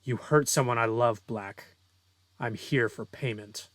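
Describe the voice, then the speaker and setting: Brief: icy, low-key vengeful heroine, flat menace, dry close sound, read by a man. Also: measured pace, dry recording, natural voice. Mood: cold. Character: cold vengeful young superheroine, woman.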